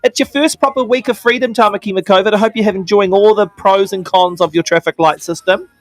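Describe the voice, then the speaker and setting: A man with a New Zealand accent co-hosting radio and reading the weather, animated and teasing. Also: high-pitched, quick pace, dry recording. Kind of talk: casual radio banter.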